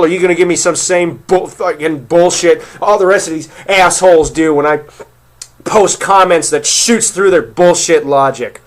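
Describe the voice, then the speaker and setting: A man delivering an angry, profanity-heavy rant to his camera, swearing constantly and stumbling over repeated words when worked up. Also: fairly high pitch. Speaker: vlogger.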